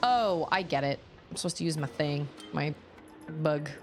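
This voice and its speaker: A woman's voice: low-pitched, animated, moderate pace, soft background music. A woman in her thirties streaming a video game, chatting casually and rambling from one thought to the next. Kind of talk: casual chat while gaming.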